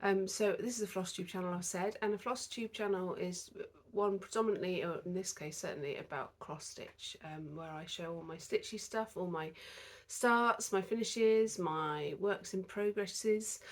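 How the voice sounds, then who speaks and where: A woman's voice: on the low side, moderate pace, few pauses. A woman with a cold, a bit out of breath, chatting casually about her cross stitch at home, rambling with lots of fillers. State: out of breath, getting over a cold. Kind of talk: casual chat. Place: indoors at home, seated on a dining chair.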